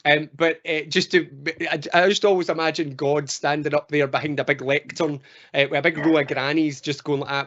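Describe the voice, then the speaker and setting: A Scottish man giving an online training talk as a mental health trainer, telling stories in an animated way. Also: fairly high pitch, a little fast. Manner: animated storyteller. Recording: dull lo-fi call audio.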